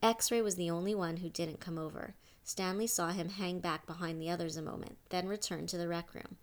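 A woman reading a story aloud in a steady storytelling manner. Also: on the low side, brisk. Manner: steady storytelling, voices each character. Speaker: audiobook narrator. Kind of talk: scripted narration.

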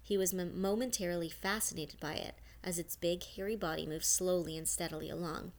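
A woman reading a novel aloud as an audiobook, steady with a few small restarts. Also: lowish voice, brisk. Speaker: audiobook narrator.

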